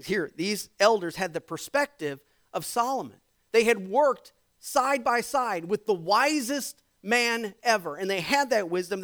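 A male pastor preaching a sermon, reading scripture aloud and then explaining it with lively, conversational asides to the congregation. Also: high-pitched.

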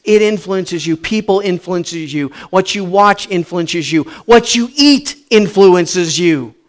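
A man preaching a sermon, telling funny stories from his school days and then pressing his point with animated, rising emphasis. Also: high voice, takes it slowly. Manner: animated storytelling with humor. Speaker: pastor.

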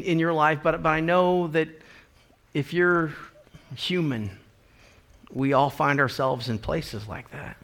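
A man's voice: fairly high pitch, fairly even intonation, slow pace, pauses often, a bit bright. A man preaching a sermon, earnest, stumbling into repeated restarts and building emphasis as he speaks. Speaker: pastor.

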